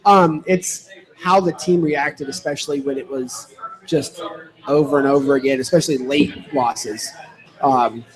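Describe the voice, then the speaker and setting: A man's voice: mid-range voice, steady tone, measured pace, low-quality recording. A young man co-hosting a casual fan podcast, rambling with restarts and laughs. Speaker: podcast co-host. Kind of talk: casual chat.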